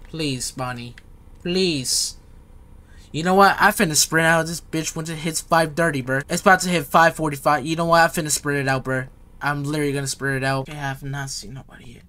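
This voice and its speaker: A man's voice: on the high side, fairly even intonation, fast talker, sharp tone. A young man giving casual horror game commentary, jittery and slangy, repeating himself often. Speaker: gaming YouTuber.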